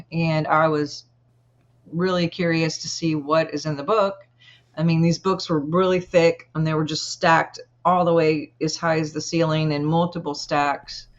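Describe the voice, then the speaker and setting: A woman guest telling a personal story in an interview, earnest and halting, with many pauses. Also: low voice, lo-fi sound.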